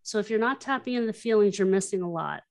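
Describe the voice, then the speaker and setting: A woman guest, a workshop trainer, explaining her methods and telling stories, acting out quoted lines in an animated way. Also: medium pitch, fast talker, gravelly. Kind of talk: explanatory interview talk.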